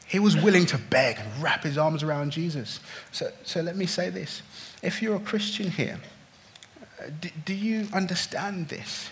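A man preaching a sermon, swinging from hushed, slow lines to loud, pleading outbursts. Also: high voice. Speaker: pastor.

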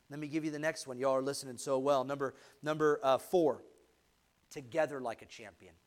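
A man preaching a sermon, energetic and exhorting, asking the congregation for an amen. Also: mid-range voice. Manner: energetic, exhorting, call-and-response asides.

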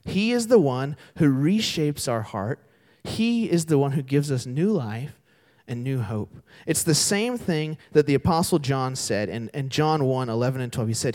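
Animated young male pastor preaching. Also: medium pitch, moderate pace. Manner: animated storytelling with voiced characters. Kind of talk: sermon. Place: church sanctuary.

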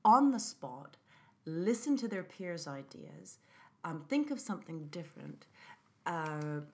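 Woman, music teacher, lowish voice, animated, demonstrates chants in interview. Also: takes it slowly. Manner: animated, acts out chants and whispers to show quiet singing.

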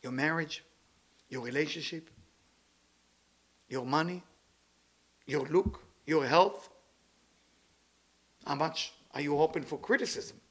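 A man giving a motivational spiritual talk in English with dropped words, playful and animated, stacking words in long repeated lists. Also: on the high side, slow, long pauses. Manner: speaks non-native English with dropped words.

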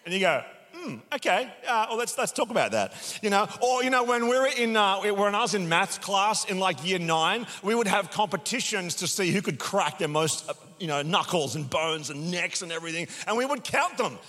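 A man preaching a casual, chatty sermon as executive pastor, upbeat, with many fillers and a slightly hoarse voice. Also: high voice, expressive, a little fast, hardly any pauses, sharp tone. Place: church auditorium. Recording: long hall reverb.

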